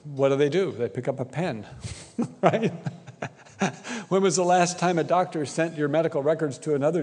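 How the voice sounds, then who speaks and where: A man's voice: mid-range voice, darkish tone. A man giving a conversational conference talk, often tagging his points with a question to the audience. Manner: conversational, keeps asking "right?". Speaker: conference speaker. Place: conference hall. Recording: echoey conference hall.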